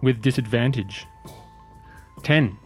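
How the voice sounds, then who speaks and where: A man's voice: mid-range voice, soft background music. Man running a tabletop game. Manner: brisk, calls rolls and damage plainly. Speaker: dungeon master.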